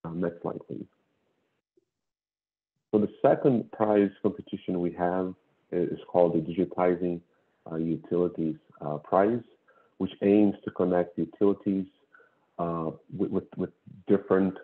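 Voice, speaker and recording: A man presenting prize programs in a webinar, talking haltingly with many fillers and restarts. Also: low-pitched, steady tone. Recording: tinny phone-like line.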